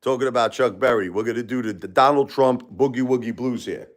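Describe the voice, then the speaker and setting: A brash, excitable man in his forties from Brooklyn with a New York accent, chatting casually on a livestream between songs and laughing often. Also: mid-range voice, fairly quick, a little hiss or hum. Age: 40s. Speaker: livestream pianist and singer. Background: faint piano music.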